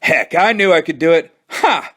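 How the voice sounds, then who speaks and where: An excitable young boy who brags and shouts, as a man reading a storybook aloud puts him on. The voice sits high and swings about a lot. Every line bursts out. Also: normal speed. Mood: triumphant. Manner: high-pitched, excitable, exclaiming. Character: excited worm-eating young boy, boastful.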